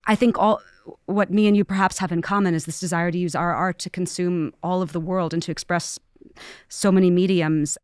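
Low smooth voiced woman artist musing on a panel, dry close sound. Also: steady tone, brisk, darkish tone, no echo. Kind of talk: panel discussion.

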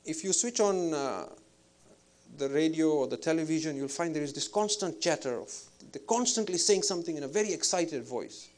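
A man's voice: a little high, expressive, a little mellow. Reflective man giving a spiritual talk. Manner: measured, reflective, with hesitant fillers. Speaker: Islamic preacher. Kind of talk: spiritual lecture.

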